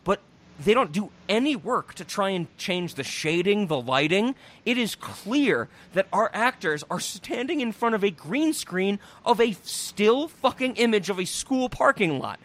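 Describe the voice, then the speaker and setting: A young man on a podcast, recapping a movie in casual comedic chat, swearing, laughing and acting out the characters. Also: high voice. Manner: animated, profane, laughing, acts out characters in quick voices. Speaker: podcast host reviewing a movie.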